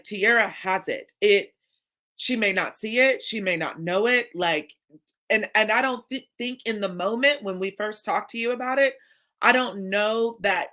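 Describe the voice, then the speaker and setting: A woman's voice: mid-range voice, fairly bright tone. A woman health coach speaking in a heartfelt, preacherly way, building her points through repetition. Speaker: health coach and team leader. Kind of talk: heartfelt casual conversation.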